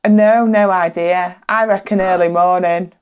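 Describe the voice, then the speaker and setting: A woman's voice: on the low side, fairly even intonation, moderate pace, smooth, highs cut off. A woman, a podcast co-host telling a candid, funny personal story in casual chat. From England.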